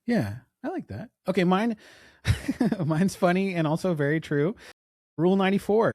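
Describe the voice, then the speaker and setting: A man's voice: sits high, expressive, moderate pace, a little mellow, no room sound, studio quality. A man in his forties hosting a podcast, in casual chat with a laid-back, joking manner. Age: 40s. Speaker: podcast host.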